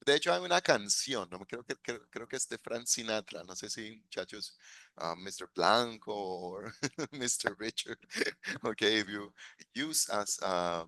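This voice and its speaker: Bright-voiced bilingual English teacher man. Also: lowish voice, expressive, a little hiss or hum. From United States. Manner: mixes in Spanish, laughs often, slow modeling of phrases. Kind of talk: online English class.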